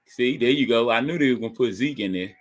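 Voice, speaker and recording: A young man hosting a live stream, reacting to a game as it plays and talking to his chat with excitement and laughs. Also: medium pitch, quick pace. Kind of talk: live fan commentary on a game.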